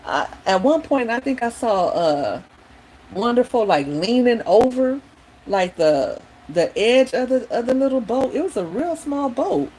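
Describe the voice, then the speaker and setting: A woman vlogger in a casual chat while doing her hair, retelling things in a rambling, opinionated, animated way. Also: a little high, measured pace, slight background noise, low-quality recording.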